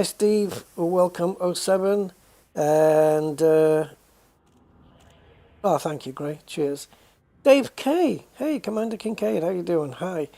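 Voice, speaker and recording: On his game livestream, a British man from the United Kingdom talks casually in a warm, mellow tone, though his voice is high and gravelly. He rambles and muses, greets viewers by name, and frequently corrects himself partway through a thought.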